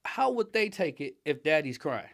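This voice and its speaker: Animated, emphatic middle-aged man. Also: on the high side, moderate pace, creaky. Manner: animated and emphatic, laughs often, gets loud when riled. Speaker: interview guest, father and design director. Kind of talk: casual conversational interview.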